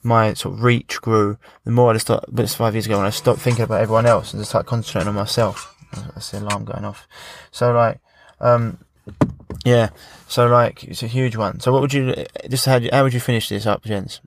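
Talking about coaching in a chatty, rambling way, this podcast host has a lowish, creaky voice with a level tone and a fairly quick delivery. The casual podcast conversation carries slight background noise.

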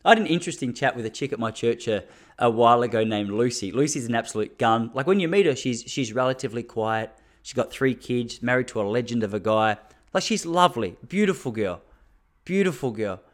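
A man's voice: mid-range voice, expressive, brisk. Fired-up Australian man ranting on a podcast. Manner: fired-up, intense, laughs between points. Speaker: podcast host. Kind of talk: casual solo podcast monologue.

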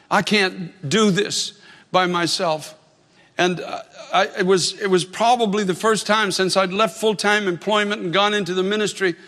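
A man's voice: high voice, fairly bright tone, big-room sound. A man preaching a sermon as pastor, telling stories earnestly and repeating phrases for emphasis.

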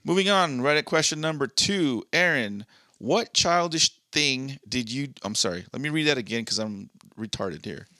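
A man's voice: mid-range voice, expressive, moderate pace, pushed and bright, no room sound, clean studio sound. A man co-hosting a podcast in casual chat, reading listener posts aloud and swearing freely. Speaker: podcast co-host.

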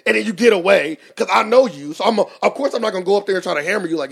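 A high-pitched man argues quickly and insistently on a casual podcast. He repeats his points to push them through. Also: creaky. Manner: fast, insistent, repeats himself, laughs it off. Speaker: podcast co-host. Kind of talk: heated casual debate.

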